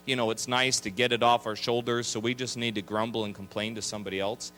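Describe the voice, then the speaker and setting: A man preaching as a pastor, lively, with quick asides and acted-out complaining voices. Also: mid-range voice. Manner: animated, acts out grumbling voices. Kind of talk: sermon. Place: chapel.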